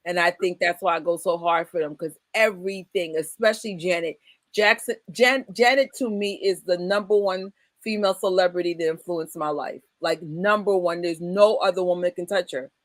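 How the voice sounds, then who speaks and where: A woman in her forties from the United States hosting a casual chat, emphatic and animated, often breaking into laughter. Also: lowish voice, moderate pace, no room sound. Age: 40s. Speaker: host.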